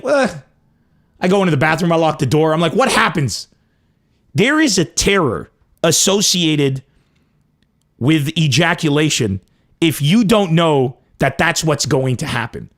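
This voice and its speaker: A man from Lebanon telling a crude comic story with animated, profane emphasis. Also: a little high, moderate pace. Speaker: comedian host. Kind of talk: comedic storytelling.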